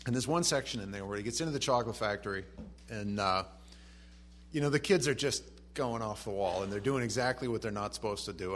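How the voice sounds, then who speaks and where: A man preaching a sermon. He reads scripture softly and then rises to animated emphasis. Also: lowish voice.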